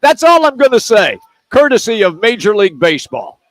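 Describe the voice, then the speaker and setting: A man's voice: sits high, huge pitch swings, a little fast, a little hiss or hum. A man hosting sports radio live from a bar, upbeat and moving the show from segment to segment. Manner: upbeat, steers to the next segment. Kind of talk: casual sports talk.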